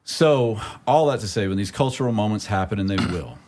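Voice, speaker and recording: A man hosting a casual podcast conversation, halting and loose with fillers as he sets up questions. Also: lowish voice, animated, darkish tone, slight background noise. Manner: casual, halting, lots of "like" and "you know". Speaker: podcast host.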